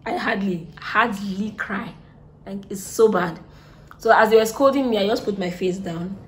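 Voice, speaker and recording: A young woman with a Nigerian accent telling a storytime vlog, chatty, repeating herself and drifting soft and subdued. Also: mid-range voice, moderate pace. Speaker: vlogger.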